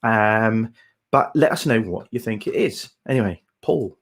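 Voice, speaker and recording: A man's voice: lowish voice, animated, a little slow, breathy edge. A man co-hosting a folk song livestream, chatting casually in a rambling, hesitant way with many fillers.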